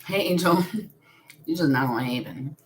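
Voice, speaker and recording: A low-voiced woman talking in on a casual live stream. She is blunt and swears freely, and she breaks into laughter often. A faint hiss sits under the recording. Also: lively intonation, moderate pace. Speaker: spiritual vlogger.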